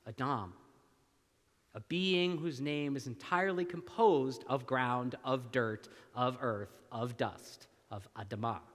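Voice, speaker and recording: A male minister preaching a sermon, slow and deliberate, with long dramatic pauses. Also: mid-range voice, bright, forceful tone. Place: church sanctuary. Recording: long church reverb.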